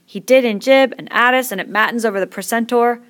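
A woman voicing an arrogant, bossy teenage boy who leads a choir, loud and commanding. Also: a little high, brisk, voice pushed up, natural voice.

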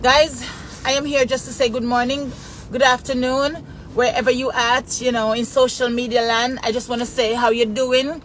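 Driving through traffic, a Jamaican woman chats casually with her live-stream viewers, greeting them by name in patois-flavored speech. Her voice is a little high with little pitch movement and a normal pace, and road noise fills the noisy car behind her.

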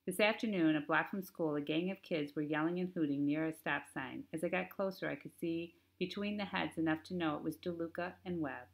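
Low-voiced woman reading a novel. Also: brisk, vocal fry, few pauses. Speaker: audiobook narrator. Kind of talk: first-person audiobook narration.

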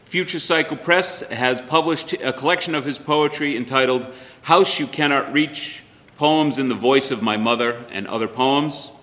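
A man's voice: mid-range voice, normal speed, a bit bright. A man as emcee, giving instructions and reading poet bios, hesitant at first with fillers and restarts. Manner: hesitant, with many fillers and restarts, then reading a bio list. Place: library room with long reverb. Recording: reverberant hall.

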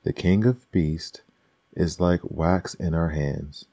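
A man's voice: low-pitched, slow pace, warm tone, dry recording, lo-fi sound, heavily acted. A man voicing a boastful traveler in an ASMR bedtime story. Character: boastful man, proud of human strength.

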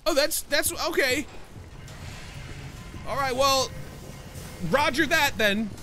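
A young man streaming a horror game, chatting casually, joking and swearing, with sudden excited yelps. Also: very high voice, slow, faint music behind. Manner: jokey, profane, prone to excited yelps. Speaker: gaming streamer. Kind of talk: casual let's-play commentary.

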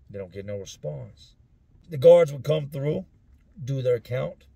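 A man's voice: mid-range voice, animated, normal speed, creaky, warm tone, husky, no room sound. A man telling stories from his own past in a casual way, using street slang. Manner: street slang, acts out other people's voices. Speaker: storyteller recounting his prison years. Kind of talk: casual spoken storytelling.

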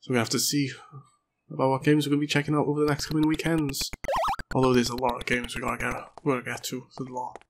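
Gamer, hoarse, excitable, swears a lot, noisy recording. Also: male voice, mid-range voice, fast. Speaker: gaming channel host. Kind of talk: let's play commentary.

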